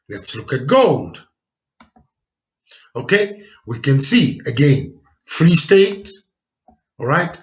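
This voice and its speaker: A man teaching a geography lesson over slides. He checks in often with "okay" and "all right" and pushes key words out loudly. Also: mid-range voice. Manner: stresses key words with sudden loud pushes.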